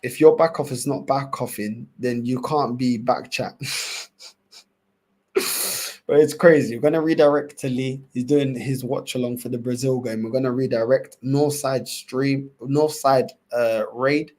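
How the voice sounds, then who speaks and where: A man's voice: mid-range voice, unhurried. Laughing London man on a livestream. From England. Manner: animated, laughing, repetitive slang-heavy banter. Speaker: livestream host. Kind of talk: casual livestream reaction chat.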